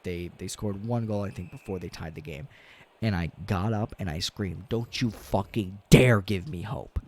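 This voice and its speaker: A man streaming a game, talking casually and ranting with lots of swearing, dropping to low mutters and rising to loud outbursts. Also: a little hiss or hum. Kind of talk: casual gaming stream chat.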